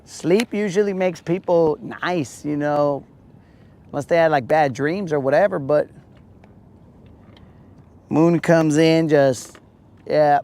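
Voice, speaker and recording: A man hosting a live fishing stream, chatting casually and teasing his viewers in a joking, drawn-out way. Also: fairly high pitch, a little mellow. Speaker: fishing livestream host.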